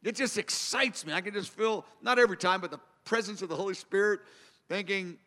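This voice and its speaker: A man's voice: high-pitched, fairly quick, sharp tone. A man preaching a sermon, earnest and emphatic, circling back to repeat his key phrases. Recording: long hall reverb.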